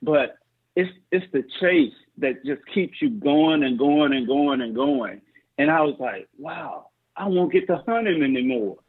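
A husky man in his forties, his voice sitting a little high, tells his story in eager, halting bursts full of restarts. He comes through a thin, tinny phone line. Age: 40s. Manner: excited, stammering restarts, voice climbing high when emotional. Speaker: guest. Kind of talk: casual storytelling.

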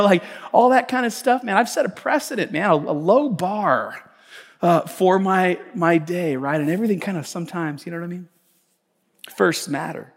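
A man's voice: sits high, moderate pace. A man pastor preaching a conversational sermon, stumbling over restarts and building to emphatic peaks. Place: church sanctuary. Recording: church hall reverb.

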